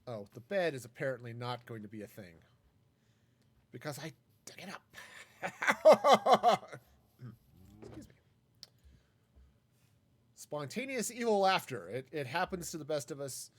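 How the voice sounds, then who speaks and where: A man's voice: medium pitch, big pitch swings, normal speed, pauses often. A man casually talking through a live game stream, wry and self-mocking as he rambles. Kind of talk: casual gameplay commentary.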